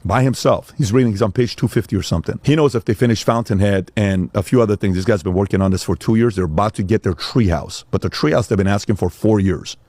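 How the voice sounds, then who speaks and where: A middle-aged man and father telling a story in casual talk, animated and acting out quotes in voices. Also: lowish voice, quick pace, few pauses, no echo, studio quality. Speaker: father and speaker.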